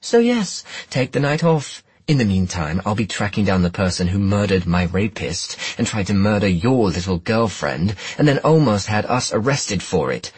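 Man reading a cutting young woman sleuth, husky, lifted off his low register, dry booth. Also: animated, normal speed, few pauses, no room sound. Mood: cold, cutting. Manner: clipped, scornful, biting delivery. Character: sharp-tongued young woman detective, proud, cutting. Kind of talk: audiobook character voice.

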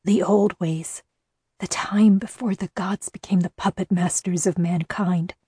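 A woman voicing a frail, dying female oracle in a soft, strained, airy whisper, slow and solemn. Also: on the low side, fairly even intonation, breathy edge, no echo, clean studio sound. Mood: weak solemn. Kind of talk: audiobook narration.

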